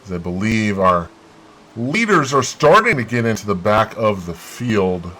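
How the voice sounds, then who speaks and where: A man hosting a gaming channel, giving excitable play-by-play of his racing game and bursting into loud exclamations. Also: on the low side, unhurried, a little hiss or hum, low-quality recording.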